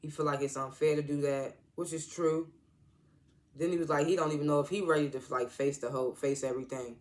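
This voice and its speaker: Rambling man recapping an episode, higher voice. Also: steady tone, fairly quick. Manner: rambling, heavy use of "like", restarts; slangy, informal grammar. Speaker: TV episode reviewer.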